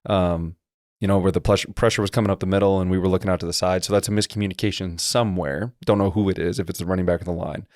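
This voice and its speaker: A man co-hosting a casual sports podcast, explaining football line play in quick, detailed technical breakdowns. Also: low voice, steady tone, darkish tone, no room sound, clean studio sound. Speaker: podcast co-host and former lineman.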